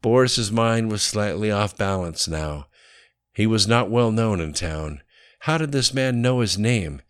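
A man narrating a thriller audiobook in a measured, even reading. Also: fairly low pitch.

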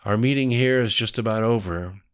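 A man reading the part of a calm, knowing woman in an audiobook, speaking firmly and with finality. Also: fairly low pitch, fairly quick, clear, resonant tone, pitched above the performer's own voice, close to an everyday voice. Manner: firm, final, explanatory.

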